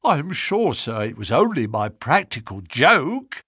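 Brief: male reader as a wizened, crafty old man, whining, lively pitch. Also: measured pace, breathy edge, no room sound, studio quality, full character voice. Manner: whining, uneasy.

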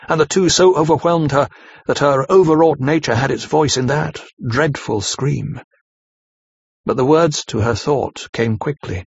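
A man narrating a classic novel aloud in a steady, grave storytelling manner, on a slightly muffled dry recording. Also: medium pitch, gravelly, husky, dry recording. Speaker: audiobook narrator.

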